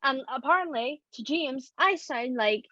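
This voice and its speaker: An Irish woman, a voice actor, telling stories in an animated, rambling way in casual podcast chat. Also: high voice, measured pace, no room sound, highs cut off. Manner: chatty and animated, rambling storytelling. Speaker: audio drama voice actor.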